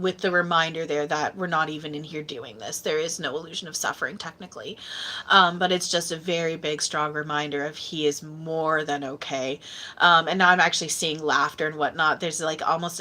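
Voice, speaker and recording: A woman's voice: lowish voice, bright, forceful tone. A woman medium giving a live-stream psychic reading, earnest and emotional as she reads viewer comments aloud.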